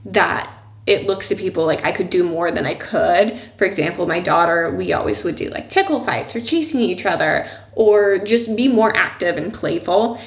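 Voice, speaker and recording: A woman's voice: on the low side, normal speed. Chatty woman vlogging in a roomy space. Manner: chatty and rambling, many "like" and "you know" fillers; laughs softly between thoughts. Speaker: vlogger, mother of a young child. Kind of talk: casual personal vlog talk. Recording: roomy echo.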